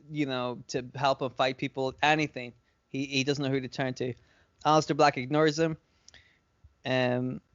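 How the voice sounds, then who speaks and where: A man's voice: medium pitch, clear, resonant tone, no echo. Rambling man telling a story on a podcast. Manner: rambling, filler-heavy, profane retelling. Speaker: podcast co-host. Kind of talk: casual fantasy-booking storytelling. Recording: dry, slightly dull lo-fi sound.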